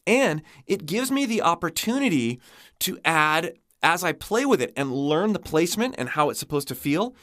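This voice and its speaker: A man's voice: fairly high pitch, moderate pace, no echo, studio quality. A man, a vocal coach, explaining singing techniques and demonstrating them with his own voice. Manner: expressive, demonstrates with voice.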